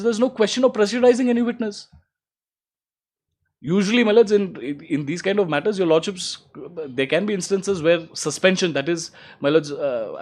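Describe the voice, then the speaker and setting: A man, an advocate replying to opposing counsel in court, formal and emphatic, with "my lords" threaded through his argument. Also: darkish tone. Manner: formal and emphatic, repeats "my lords", rises in pitch to stress points.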